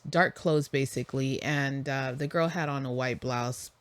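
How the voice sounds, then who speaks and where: A woman's voice: a bass voice, steady tone, moderate pace. A woman hosting a podcast, telling a long story in a chatty, casual way, full of likes and you-knows. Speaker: podcast host.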